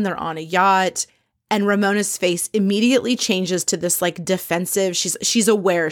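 Chatty woman gossiping through a recap. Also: fairly low pitch. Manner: chatty, gossipy, acts out quoted lines in a brighter voice. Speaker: reality TV recap host. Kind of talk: casual episode recap.

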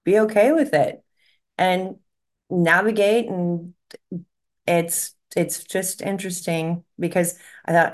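A woman's voice: lowish voice, takes it slowly. A woman, a medium co-hosting a podcast, talking in a rambling, emotional way and laughing often. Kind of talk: casual podcast conversation.

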